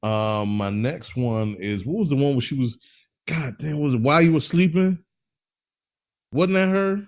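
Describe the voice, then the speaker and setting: A slightly tipsy man hosts a podcast at a moderate pace in a mid-range voice, rambling in slang and restarting his sentences a lot during the casual chat. The recording is dull and lo-fi.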